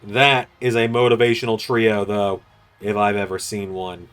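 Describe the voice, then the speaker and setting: Excitable male wrestling game commentator. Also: fairly low pitch, normal speed, clean tone, faint music behind. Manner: excitable, chatty, joking. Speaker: commentator and series host.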